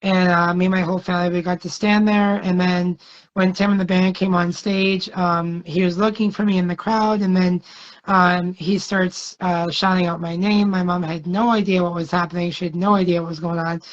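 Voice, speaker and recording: A man's voice: high voice, flat delivery, normal speed. A man, a guest singer, telling long stories in a casual interview, rambling and hesitant with many fillers. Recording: dull lo-fi sound.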